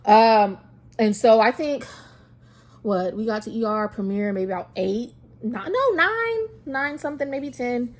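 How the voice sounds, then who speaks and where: A woman's voice: a little high, lively intonation, a little slow. A woman in her twenties telling a personal story to camera in a chatty way, full of fillers and restarts, and near tears at times. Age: 20s. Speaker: vlogger.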